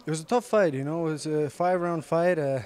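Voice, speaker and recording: A young man with a slight Irish-tinged accent, speaking English as a second language, answering interview questions softly with many pauses and fillers in a gym. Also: on the high side. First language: Icelandic. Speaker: interviewed fighter. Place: sports gym.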